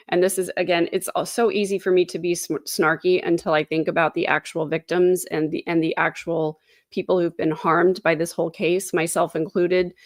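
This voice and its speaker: A woman's voice: fairly low pitch, dry recording, studio quality. A woman hosting a true crime livestream, chatting casually and wryly while reading out viewer comments, with frequent "um" fillers. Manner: chatty, wry, many "um" fillers.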